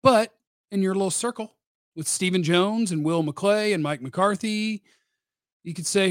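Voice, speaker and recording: A man's voice: high-pitched, a little fast, dry recording, studio quality. Blunt, opinionated male sports host. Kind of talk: casual live-stream sports commentary.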